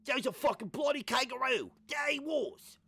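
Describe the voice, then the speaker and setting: A man's voice: very high-pitched, lively intonation, moderate pace, bright, forceful tone, slightly rough, voice pushed up, exaggerated voice. A man doing a boisterous Australian bushman in a mock Australian accent.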